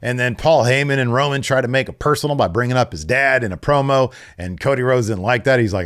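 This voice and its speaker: A man hosting a wrestling podcast, excitable and profane, grading matches in casual talk and mocking wrestlers in put-on voices. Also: mid-range voice, fast talker, few pauses.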